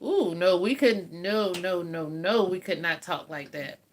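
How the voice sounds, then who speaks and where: A woman's voice: lowish voice, unhurried, a little hiss or hum. A woman, chatting casually and laughing often while hosting a livestream from home. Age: 50s. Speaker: livestream host. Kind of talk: casual live chat with viewers.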